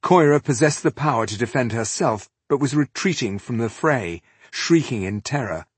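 A man reading a fantasy novel aloud as an audiobook narrator, in a measured, dramatic storytelling manner. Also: medium pitch, animated, breathy edge, no echo.

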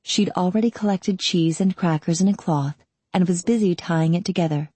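A woman narrating an audiobook in a calm, steady storytelling manner. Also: on the low side, normal speed, breathy edge, dry recording. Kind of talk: scripted narration.

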